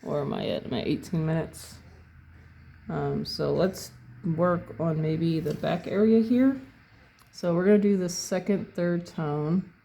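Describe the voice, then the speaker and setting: A painting teacher talks through a tutorial in a gravelly voice with a dark, mellow tone. They take their time and think aloud about each step of the work. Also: medium pitch, measured pace. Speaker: painting instructor.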